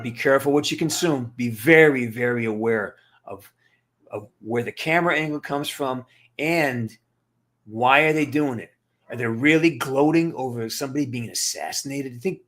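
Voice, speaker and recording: A man's voice: mid-range voice, fairly bright tone. A middle-aged man hosting a livestream, ranting to his live chat in a blunt, profane, emphatic way and answering viewers' comments. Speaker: livestream host. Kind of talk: casual rant to live chat.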